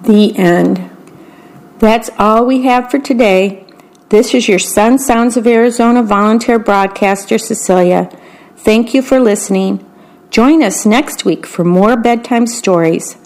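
A woman reading children's bedtime stories aloud for a volunteer reading-service radio program, describing the pictures as she goes. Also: on the high side. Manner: slow, gentle storybook reading, describing the pictures.

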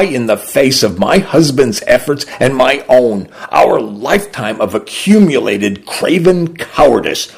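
A man reading a literary short story aloud for a radio program, slow, deliberate and expressive. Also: medium pitch, gravelly, breathy edge.

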